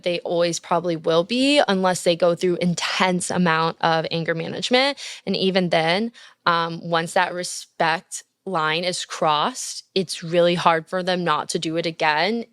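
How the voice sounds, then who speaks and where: A woman's voice: on the low side, normal speed, fairly bright tone, smooth, dry recording, clean studio sound. A young woman hosting a podcast, giving casual advice in a blunt, profane, gushing way. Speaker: podcast host.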